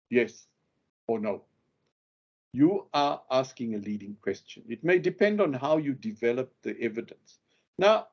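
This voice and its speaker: Dull audio carries a man's slightly high, somewhat mellow voice. He teaches lawyers the craft of witness questioning, dramatizing example questions and pressing down hard on key words in his lecture.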